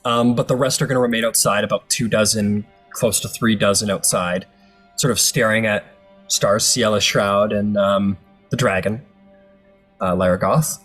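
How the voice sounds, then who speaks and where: A man's voice: fairly low pitch, steady tone, normal speed, fairly bright tone, soft background music. A man narrating as game master for a tabletop game, loose and rambling with many fillers.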